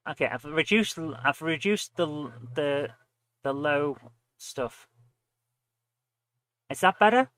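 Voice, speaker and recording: A man's voice: fairly high pitch, lively intonation, takes it slowly, pauses often, a bit bright, poor audio. A British man hosting a live stream, chatting casually and grumbling while he fiddles with his audio settings.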